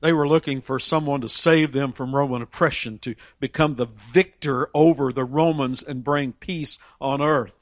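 A man's voice: mid-range voice, fairly even intonation, moderate pace, hardly any pauses, no echo. A man preaching a sermon, emphatic, reading scripture aloud and briefly acting out the voices of people in the story. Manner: emphatic, voices characters in Bible stories.

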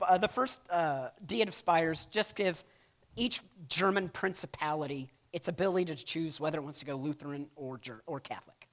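A man's voice: fairly high pitch, expressive, normal speed, pauses often, a bit bright. A man teaching a church history class in a casual lecture style, often checking in with "right?" and acting out quotes. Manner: casual, peppers lines with "right?"; acts out quotes in playful voices.

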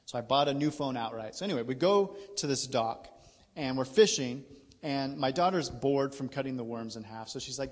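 A man's voice: medium pitch, a little fast. A man in his thirties, a guest speaker preaching a sermon through a candid, self-deprecating personal story. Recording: reverberant hall.

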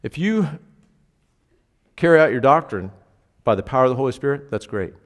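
A pastor with a mid-range voice speaks fairly quickly and with animation, his words echoing in a reverberant hall. He keeps the sermon casual, checks in with the congregation through questions, and punches key words in emphatic bursts.

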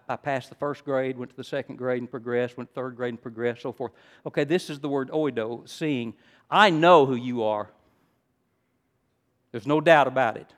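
An older man preaching a sermon, teaching in a friendly way and rising to loud, emphatic stresses. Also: mid-range voice. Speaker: pastor.

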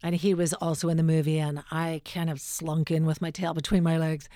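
Middle-aged female broadcaster, lowish voice, lively storyteller, dry close mic. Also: fairly quick, no room sound. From Western Canada. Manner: animated, acts out quotes with shifting voices. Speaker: radio host, interview guest. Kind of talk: storytelling in a casual interview.

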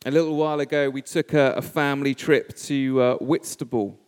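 A man preaching a sermon, speaking in measured, emphatic phrases with pauses. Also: mid-range voice, steady tone, clean tone. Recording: reverberant church hall.

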